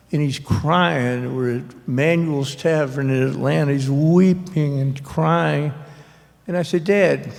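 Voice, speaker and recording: A man speaks with a slightly high, gravelly voice, recounting family stories in a wry, halting way full of fillers. He is an author at a library talk, and his voice rings out in a reverberant hall. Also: a little mellow. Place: public library event hall.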